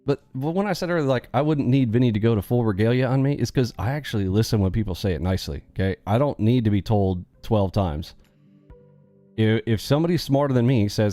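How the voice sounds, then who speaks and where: A man's voice: fairly low pitch, fast, dark tone, dry recording, faint music behind. A man hosting a live trading stream, talking bluntly in a casual, preachy rant and laughing often.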